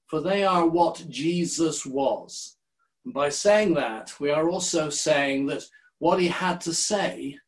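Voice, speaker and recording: Older male preacher, unhurried sermon delivery, slightly raised pitch. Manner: measured, deliberate delivery with quoted scripture. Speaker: minister.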